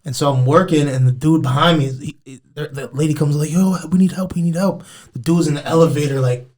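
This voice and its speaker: A young man hosts a casual podcast interview, telling animated, slangy stories. His voice sits a little higher than most men's. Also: quick pace. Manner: animated storyteller, lively slangy delivery. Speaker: podcast host.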